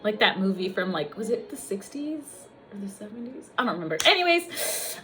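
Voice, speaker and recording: A woman's voice: medium pitch, animated, fairly quick, a bit bright, slight background noise. A woman from the United States, a registered nurse, talking in a raw personal vlog, emotional and blunt with lots of swearing, teary at times.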